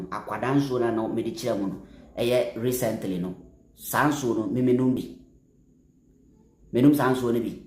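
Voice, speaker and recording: Emphatic Ghanaian man in an echoey room. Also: medium pitch. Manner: emphatic, repeats phrases, bursts of raised volume. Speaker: social media commentator. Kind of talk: impassioned political commentary.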